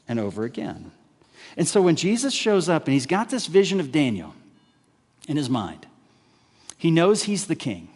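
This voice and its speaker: A man delivers a sermon on a live church stream, his fairly high voice carried by the long reverb of a big hall. He keeps his listeners involved with rhetorical questions and short acted-out lines. His delivery swings between punchy emphasis and quiet, drawn-out phrases. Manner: animated, rhetorical questions, acts out voices of crowds. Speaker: pastor.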